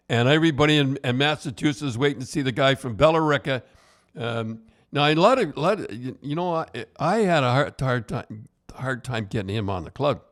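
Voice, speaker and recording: A man's voice: medium pitch, a bit bright. An older man, a podcast host and retired hockey coach, telling casual stories in a rambling way with many restarts. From Canada. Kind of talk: casual storytelling.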